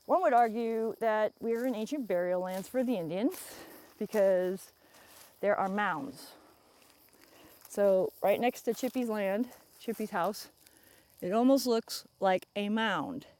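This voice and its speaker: A woman vlogger takes her time, pausing often, in a medium-pitched, slightly mellow voice. She's on a casual phone livestream, camera held before her, walking through woodland while rambling to viewers and laughing a good deal.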